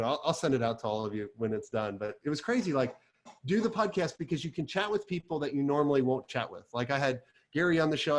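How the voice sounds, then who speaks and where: Speaking live to an audience, a male agency coach tells stories in a chatty, energetic way, his talk full of fillers. His voice sits a little high.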